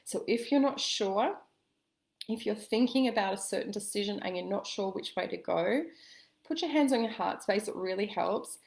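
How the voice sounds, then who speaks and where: A woman coaching listeners in a calm, gentle way, giving a spoken self-help lesson with slow pauses. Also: medium pitch, creaky. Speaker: intuitive coach.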